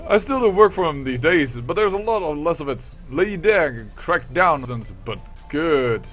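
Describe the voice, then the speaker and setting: A man's voice: fairly high pitch, lively intonation, normal speed, fairly bright tone, soft background music. A man voicing a brash, defiant Irish ex-smuggler woman, putting on an Irish accent while reading game dialogue aloud. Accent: Irish, put on. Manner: slangy, blunt, swaggering.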